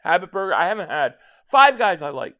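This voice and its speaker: A man from South Jersey, near Philadelphia, hosting a casual live stream. His voice sits fairly high for a man. He rambles through viewer comments in loose, chatty talk and often restarts his sentences. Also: big pitch swings, brisk, sharp tone.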